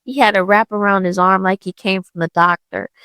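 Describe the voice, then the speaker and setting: A woman's voice: medium pitch, fairly even intonation, fairly quick, sharp tone, clean tone, dry recording. A young woman hosting a podcast, telling a personal spiritual story in a casual, chatty way full of "I was like" and "literally". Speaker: podcast host.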